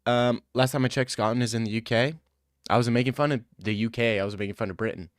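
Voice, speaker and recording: Sarcastic guy streaming, reading chat and mocking it, mid pitch voice, dry close mic. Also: steady tone, fast, no room sound. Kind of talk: casual livestream chat.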